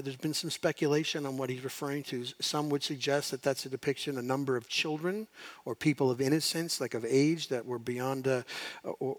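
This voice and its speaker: Guy preaching a sermon, kinda high voice, acts out the bible voices, gets loud then real quiet. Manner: animated, voices God and Jonah, swings loud to hushed. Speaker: pastor.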